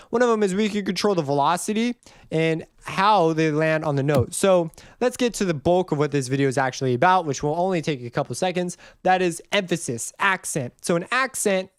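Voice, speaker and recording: A man giving a casual music theory lesson, rambling and correcting himself as he goes, and humming the notes out loud. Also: on the high side, smooth, no room sound, clean studio sound. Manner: rambling, self-correcting, hums and counts notes aloud. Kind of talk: casual screen-recorded tutorial.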